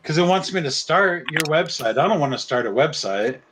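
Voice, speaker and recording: A man's voice: fairly high pitch, animated, fairly quick, crowd noise. A man co-hosting a casual live show over a remote link, teasing with dry remarks. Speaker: podcast co-host. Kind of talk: casual chat.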